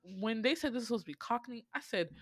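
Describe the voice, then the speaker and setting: A woman's voice: on the high side, animated, quick pace, no room sound. A young woman hosting a casual chat, reading out film trivia with sassy asides and frequent ums. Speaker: podcast host.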